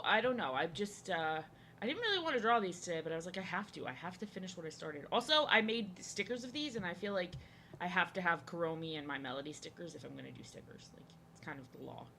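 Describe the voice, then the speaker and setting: A woman's voice: fairly low pitch, lively intonation, fairly quick, creaky, sharp tone, slight background noise. A young woman chatting casually to her live-stream viewers while she draws, often saying her lines twice. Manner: chatty, repeats herself, greets viewers. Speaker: art streamer.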